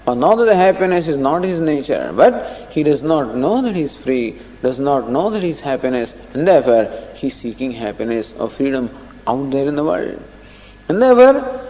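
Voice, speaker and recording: A man's voice: a little high, dark tone. A man giving a scripture discourse, explaining ideas through stories with acted-out dialogue. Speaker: scripture teacher. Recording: long reverb of a hall.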